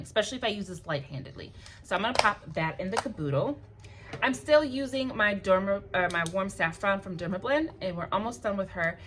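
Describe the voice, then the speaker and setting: A woman's voice: medium pitch, fairly bright tone, slight background noise. Chatty woman rambling through a home vlog. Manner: rambling, playful, laughs at herself. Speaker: beauty and lifestyle vlogger.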